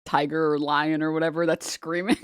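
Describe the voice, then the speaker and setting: A woman's voice: on the low side, no room sound, studio quality. A woman streamer chatting casually, reading posts aloud and swearing a lot as she laughs.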